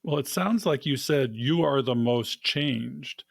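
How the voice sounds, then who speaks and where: A man co-hosting a podcast, asking questions in a conversational, sometimes halting way. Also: medium pitch, vocal fry, no echo. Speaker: podcast co-host. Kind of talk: casual interview questions.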